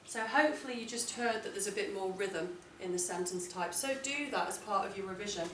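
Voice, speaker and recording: A woman leads a classroom writing lesson. She speaks clearly and deliberately and leans on key words when she reads examples aloud. Her voice carries from a distance in an echoey room, with a faint hum of room noise behind it. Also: medium pitch, a bit bright. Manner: clear, deliberate, emphatic reading of model texts. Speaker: English teacher.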